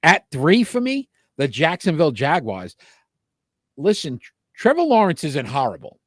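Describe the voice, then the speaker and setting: A man's voice: on the high side, huge pitch swings, normal speed, dry recording, studio quality. A man with a Rhode Island accent co-hosting a sports talk show, giving opinionated rankings and often restarting with repeated words.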